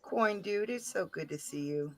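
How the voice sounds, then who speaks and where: A woman's voice: lowish voice, expressive, normal speed. A woman hosting a live-streamed panel game, chatting casually and greeting viewers by name. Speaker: game show host. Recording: noisy background.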